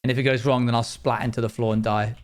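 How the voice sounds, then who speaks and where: Speaking fast in a medium-pitched voice with little pitch movement, a young livestreamer chats offhandedly with his viewers mid-game. He rambles and keeps backing up to restart what he's saying.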